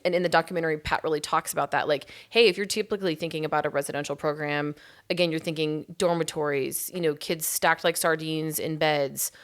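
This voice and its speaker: A woman co-hosting a casual discussion podcast, talking fast and animatedly with frequent restarts. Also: low-pitched. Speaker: podcast co-host.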